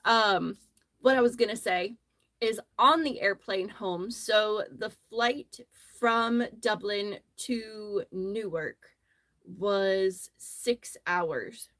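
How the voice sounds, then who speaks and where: A woman's voice: mid-range voice, drawn-out words, a bit bright, no room sound. A woman hosting a casual crochet livestream from her phone, telling a rambling, friendly story as she works. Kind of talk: casual chat while crocheting.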